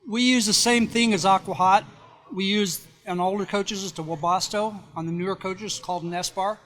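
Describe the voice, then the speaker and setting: A man's voice: sits high, steady tone, normal speed, fairly bright tone, faint music behind. A man working as a service technician explains heating systems plainly in a coach bay, restarting mid-word at times.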